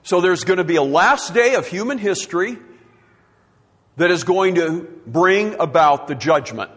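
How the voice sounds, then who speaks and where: A man's voice: sits high, lively intonation, measured pace, a bit bright, husky, big-room sound. A man preaching a sermon, emphatic and repeating his key words for effect.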